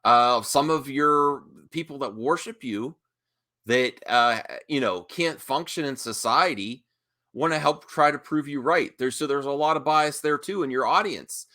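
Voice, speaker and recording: Sharp combative man ranting. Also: mid-range voice, a little slow. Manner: combative, mocking, talks back at a clip. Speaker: reaction commentator. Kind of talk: heated reaction commentary.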